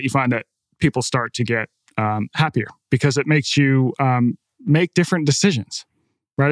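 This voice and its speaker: A man in a casual, animated conversation, guest on a podcast, spinning an anecdote with frequent "like" and "right?" tags. His voice sits at an ordinary middle pitch and is recorded close and dry, with no room sound. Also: no echo. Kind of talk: conversational storytelling.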